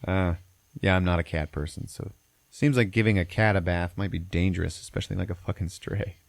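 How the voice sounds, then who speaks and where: A podcast host recapping a film in a loose, rambling way, cursing freely as he goes. His voice is very low and gravelly, and the recording is dry and close. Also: steady tone, fairly quick, no room sound. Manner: profane, rambling storyteller. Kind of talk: casual movie recap.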